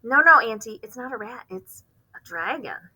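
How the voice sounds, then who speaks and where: A woman's voice: a little high, sing-song, normal speed, pushed and bright, slightly rough, pitched above the performer's own voice, full character voice, low-quality recording. Woman voicing an anxious young girl. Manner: anxious, urgent.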